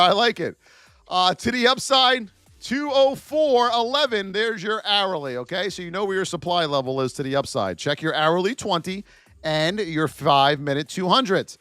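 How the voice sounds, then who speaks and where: A man hosting a live stock trading stream, giving market commentary and shouting out chat names in an animated, sing-song way. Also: sits high, clean tone, no echo. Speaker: stock trading livestream host.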